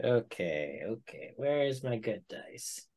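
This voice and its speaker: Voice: mid-range voice, big pitch swings, slow pace, a little mellow. A player in a tabletop game, talking casually and thinking aloud while adding up dice.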